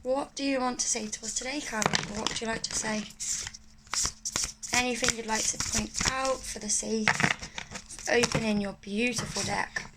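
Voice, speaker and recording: A woman vlogging at home, chatting warmly to viewers while opening an oracle deck. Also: fairly high pitch, fairly even intonation, moderate pace. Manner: chatty, breathy and gushing, talking to viewers. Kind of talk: casual chat unboxing a tarot deck. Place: home room by a main road. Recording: loud background noise.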